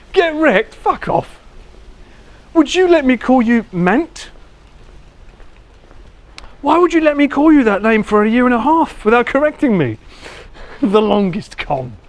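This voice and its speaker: A man's voice: very high voice, unhurried, pauses often. A man with an Essex accent chatting casually with his live viewers while walking city streets, teasing and laughing as he goes. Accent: Essex English. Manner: lively, laughing, teasing banter with swearing. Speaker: IRL livestreamer.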